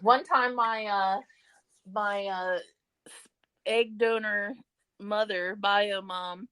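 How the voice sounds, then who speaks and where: A woman talks slowly and easily as a podcast co-host, teasing in a relaxed tone. Her voice sits mid-range and sounds dry and close. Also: mid-range voice, clear, resonant tone, no room sound. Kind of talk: casual podcast chat.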